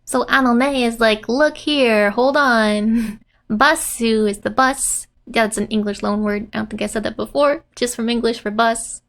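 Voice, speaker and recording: A woman teaches Japanese from a manga scene, playfully breaking down each line, often laughing and acting out the characters. Her voice is a little high, steady, and fairly bright, and she speaks a little slowly.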